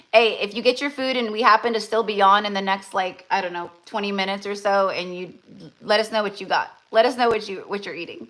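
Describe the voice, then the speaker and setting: A woman's voice: medium pitch, steady tone, a little fast, a bit bright. Young woman, tarot reader, live-stream reading, gushing, lots of filler words. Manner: gushing, effusive, many fillers and restarts.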